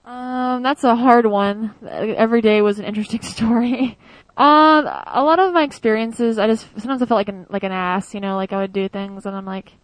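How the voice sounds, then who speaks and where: A young American woman, a former exchange student, tells stories casually in an interview, chatty and full of fillers, acting out quoted voices. Her pitch is fairly high with fairly even intonation and normal speed. The recording is dry and low in quality.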